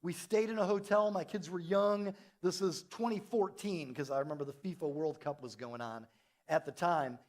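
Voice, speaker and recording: A middle-aged man, a pastor, telling a story in a sermon and acting out the dialogue with big jumps in his voice. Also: moderate pace. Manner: animated, acts out dialogue with big pitch jumps. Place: church.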